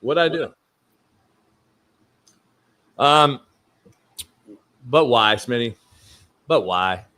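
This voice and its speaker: A man hosting a sports talk show, ranting loudly and profanely, often breaking into shouts. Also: medium pitch, lively intonation, extremely slow, long pauses. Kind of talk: heated sports talk banter.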